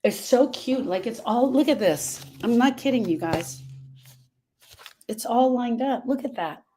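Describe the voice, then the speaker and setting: A woman's voice: fairly high pitch, lively intonation, a little slow, mellow, slight background noise. A woman grief coach talking casually to viewers on a live stream, earnest and repeating herself as she drifts off topic.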